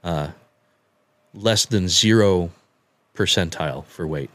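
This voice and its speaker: A man telling a personal story on a podcast, halting and repeating words as he acts out what people said. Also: deep voice, no room sound. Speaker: guest telling his story.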